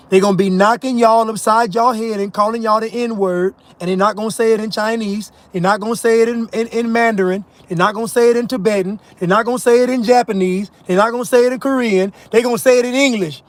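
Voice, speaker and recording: Male commentator, high-pitched, mocking monologue with scoffing laughs. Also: fairly quick. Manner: emphatic, mocking, laughs at his own points. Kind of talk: ranting monologue.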